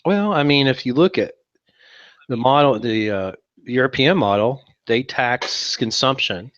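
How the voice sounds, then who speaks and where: A man's voice: mid-range voice, expressive, measured pace, fairly bright tone, no room sound, dull audio. A man from West Virginia co-hosting a podcast, chatting in a wry, sarcastic way. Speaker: podcast co-host. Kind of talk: casual podcast banter.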